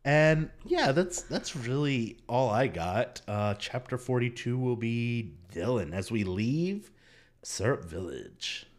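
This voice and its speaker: A man in casual podcast chat, summarizing a story in a relaxed way and laughing often. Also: medium pitch, slow pace. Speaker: podcast co-host.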